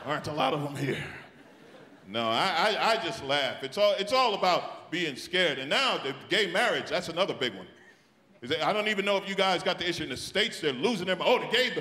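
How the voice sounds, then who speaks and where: A man doing live stand-up in a large theatre, ranting loudly and mocking people in put-on voices. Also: on the high side, animated. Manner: loud, rapid rants with mocking put-on voices. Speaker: stand-up comedian. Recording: echoey theatre with crowd noise. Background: audience laughter and applause.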